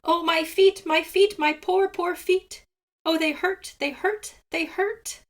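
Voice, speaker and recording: A woman's voice: steady tone, normal speed, bright, forceful tone. Woman doing a whiny squawking seagull. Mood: whining pain. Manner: whining, high squawking cries. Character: whiny male seagull, stingy, squawking in pain. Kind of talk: storybook read-aloud.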